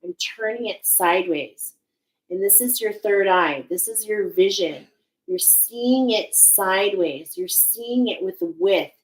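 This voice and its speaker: A woman's voice: medium pitch, poor audio. A woman giving a spiritual oracle card reading, speaking in a searching, emotional way with many restarts.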